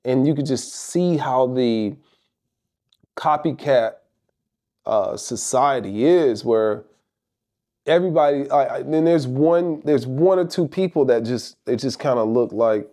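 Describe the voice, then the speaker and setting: A middle-aged man speaks in an emphatic, rhetorical way, driving home his points with repeated phrases. His voice is dark and mellow, sitting at an ordinary middle pitch. He talks like a motivational speaker addressing his viewers directly. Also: a little slow. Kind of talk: motivational monologue.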